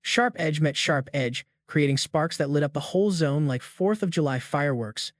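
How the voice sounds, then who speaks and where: A man's voice: fairly high pitch, normal speed, no room sound, studio quality. A man narrating a comic recap in a slangy, hyped-up storytelling manner. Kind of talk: scripted narration.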